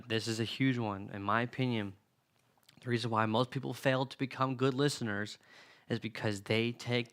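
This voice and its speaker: A young man gives an earnest, conversational sermon-style lesson. His voice is on the low side but bright and forceful, and he acts out snippets of everyday arguments as he goes. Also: clear, resonant tone. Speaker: youth preacher. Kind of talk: sermon-style teaching on a book.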